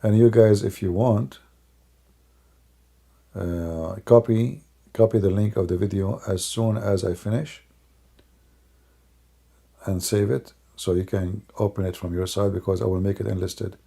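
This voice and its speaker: A man's voice: on the low side, steady tone, a little slow, creaky, long pauses, mellow, slightly rough. A man doing live-stream commentary in a mocking, sarcastic way, with non-native English grammar. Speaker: online religious commentator.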